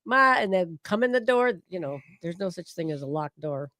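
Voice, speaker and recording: Female livestream co-host, lively pitch swings, dry sound. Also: dry recording. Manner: lively, chimes in with quick comments. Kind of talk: casual chat.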